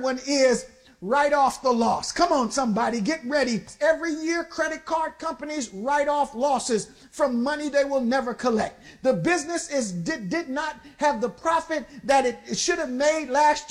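A woman preaching a sermon in an emphatic call-and-response style, building up to shouts. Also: high voice, animated, normal speed.

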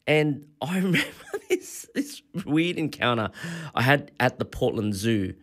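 Australian male radio host, 40s, middle pitch, chatty rambling storyteller. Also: very animated, unhurried. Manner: rambling, chuckling storyteller with many fillers. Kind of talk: casual radio chat.

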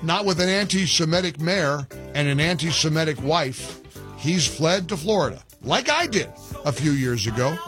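A man's voice: high voice, fairly bright tone. A man hosting a talk radio show, commenting emphatically and indignantly from a studio microphone. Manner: emphatic, indignant, with frequent restarts.

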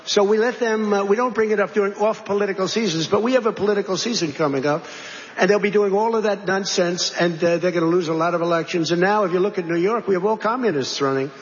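High-voiced man rambling in a hall. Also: quick pace. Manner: digressive, repetitive, conversational asides. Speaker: politician. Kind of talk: rambling political speech. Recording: reverberant hall, dull lo-fi sound.

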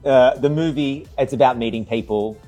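A man's voice: mid-range voice, moderate pace, warm tone, faint music behind. A man from Australia interviewing a guest in a bar, playful and teasing. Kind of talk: casual interview chat.

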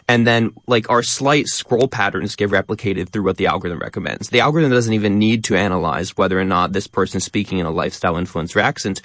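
Man, radio interview guest, fast talker, punchy word stress, lowish voice, dry close sound. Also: a bit bright, no room sound. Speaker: guest, educational content creator.

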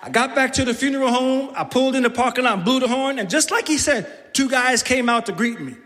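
A man from the Bronx, telling a personal story on stage, animated and laughing, acting out his own shouted lines. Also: very high-pitched, a little fast. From the Bronx, New York. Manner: animated, acts out shouted quotes, laughs often. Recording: reverberant hall, faint room noise.

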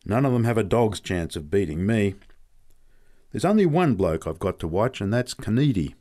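A man doing a blunt, gruff cart driver. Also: fairly low pitch, sing-song, normal speed, mellow. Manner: short, blunt speech.

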